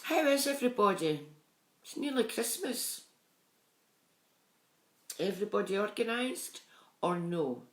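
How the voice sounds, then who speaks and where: A middle-aged woman, chatting on a live stream and warmly greeting viewers by name. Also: medium pitch, lively intonation, measured pace, long pauses. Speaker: psychic medium streaming live. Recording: echoey room sound.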